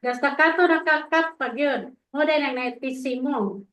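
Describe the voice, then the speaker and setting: A woman's voice: sits high, moderate pace, fairly bright tone. A woman teaching music notes, casual and chatty, mixing languages and adding tag questions. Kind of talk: casual lesson, code-switching. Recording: echoey room, dull lo-fi sound.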